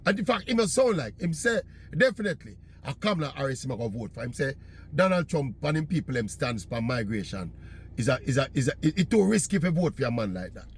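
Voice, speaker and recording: A man's voice: mid-range voice, very animated, fast talker, a little hiss or hum. A man from Jamaica with a Jamaican accent, chatting in patois as he tells a casual story. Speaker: vlogger.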